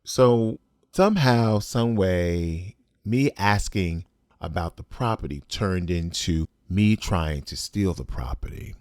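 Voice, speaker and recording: Slow-paced and animated, a man with a very deep, low, slightly mellow voice shares a personal story as a podcast host. He's blunt and emphatic and swears freely, and the recording is dry and close with no room sound.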